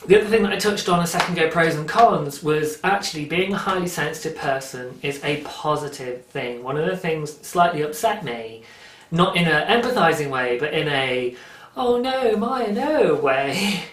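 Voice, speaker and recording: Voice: medium pitch, normal speed, fairly bright tone, slight background noise. A podcast host talking casually on their own, earnest and encouraging, often restarting sentences. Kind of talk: casual solo podcast monologue. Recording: roomy, distant from the mic.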